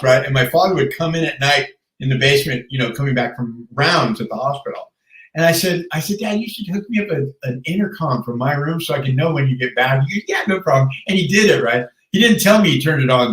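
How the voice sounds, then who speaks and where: A man in his fifties, a podcast guest, telling stories in an animated casual way and laughing often. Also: mid-range voice, a little fast, far from the mic. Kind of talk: casual storytelling chat. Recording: roomy sound, off the mic.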